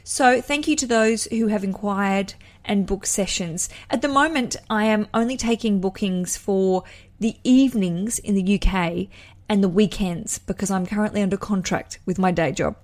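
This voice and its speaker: A woman's voice: mid-range voice, normal speed. A woman hosting her own podcast, talking in a chatty, self-deprecating way as she chats casually to her listeners. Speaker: podcast host. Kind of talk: casual solo podcast chat.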